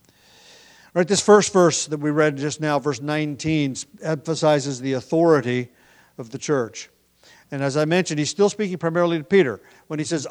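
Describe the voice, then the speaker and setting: A man's voice: on the high side, normal speed. A man preaching a sermon as pastor, thinking aloud with frequent fillers and restarts. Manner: prays in a hushed, quieter voice.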